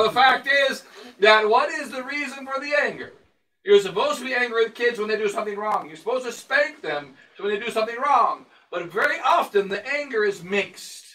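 A man with a high, bright voice preaches an emphatic sermon from a distance from the microphone. He drives his points home with rhetorical questions and repeated phrases, asking and then answering. The voice sounds like a priest in a church. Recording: voice picked up from a distance.

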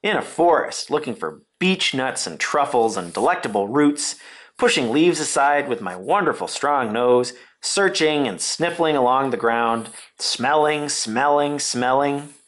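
A man's voice: medium pitch, lively intonation, a bit bright, pitched above the performer's own voice. A man voicing an anxious young male pig in a storybook reading, pleading and eager. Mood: dreamy. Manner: pleading, quick questions.

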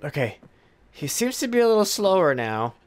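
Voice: mid-range voice, moderate pace, smooth. A let's-play gamer giving casual gameplay commentary, playfully talking to a pet pig, humming along and squealing with alarm. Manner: excitable, squeals and gasps in alarm.

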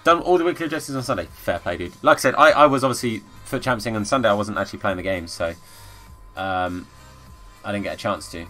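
A young man commenting live on a football video game as a streamer, chatting with viewers and bursting into excited shouts at the play. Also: on the low side, fast. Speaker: gaming streamer. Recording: faint background music.

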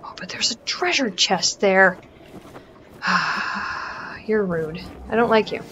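A woman's voice: medium pitch, lively intonation, normal speed, dull audio, background noise. A Canadian woman giving casual, self-mocking commentary over a video game, often dropping to a whisper while sneaking. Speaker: let's play gamer.

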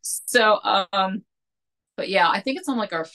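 A woman in her forties co-hosts a casual chat podcast in a mid-range, bright, forceful voice that is animated but a little slow. She rambles, jokes, pokes fun at herself, and laughs often.

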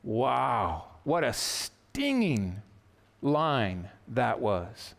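A pastor preaching an earnest, emphatic sermon in a church. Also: male voice, mid-range voice, sing-song, extremely slow, gravelly, fairly bright tone, long reverb tail. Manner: earnest, emphatic preaching with quotes read aloud. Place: church sanctuary.

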